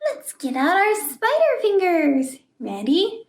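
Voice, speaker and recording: A woman hosting a toddler learning video, speaking slowly with exaggerated wonder and frequent excited gasps. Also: extremely high pitch. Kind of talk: slow, exaggerated speech to toddlers. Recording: roomy echo with faint music.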